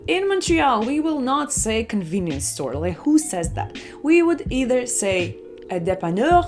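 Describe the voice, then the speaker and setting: Chatty higher-voiced woman vlogging. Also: big pitch swings, measured pace, a little mellow, faint music behind. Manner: chatty, acts out other people's lines in storytelling. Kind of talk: casual travel vlog talk.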